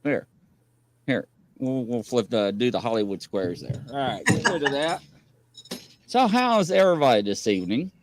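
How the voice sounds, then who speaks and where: A man's voice: medium pitch, moderate pace, pauses often, very noisy. A man hosting a casual livestream, telling rambling stories with lots of laughter. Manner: animated, rambling storyteller who laughs often. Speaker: host of a paranormal variety show.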